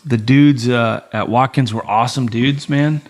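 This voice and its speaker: On a podcast, a guest in his forties spins casual stories, animatedly voicing the characters' lines and dropping the occasional swear word. His voice is mid-range and his pace moderate.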